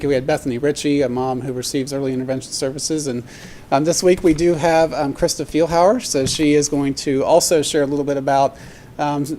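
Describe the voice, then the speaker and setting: A man's voice: medium pitch, dark tone, slight background noise. A man from a county agency introducing a speaker at a board meeting, hesitant and full of fillers. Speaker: county agency staff presenter. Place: public meeting room.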